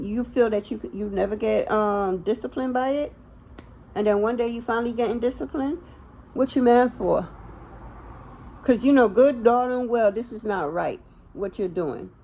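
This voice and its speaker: A woman's voice: on the high side, creaky, dark tone, a little hiss or hum, rough recording. A young woman giving a casual tarot reading, blunt and slangy, talking straight to the viewer. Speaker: tarot reader.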